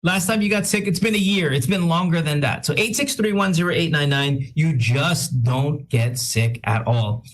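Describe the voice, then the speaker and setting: Chatty male radio host. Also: on the high side. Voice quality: says he sounds a bit sick. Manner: rambling, self-deprecating, quick asides. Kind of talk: casual radio chat, reading listener shout-outs.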